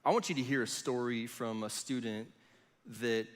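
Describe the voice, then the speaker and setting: A student pastor in his thirties gives a youth sermon in a mid-range voice at normal speed, with the long reverb of a large hall. His style is conversational and storytelling, with a self-deprecating touch.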